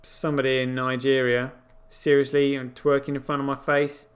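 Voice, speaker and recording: A man's voice: medium pitch, flat delivery, moderate pace. A man hosting a crypto show, giving casual, incredulous running commentary on what he sees on screen, with frequent exclamations. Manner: exclaiming, incredulous, swearing asides.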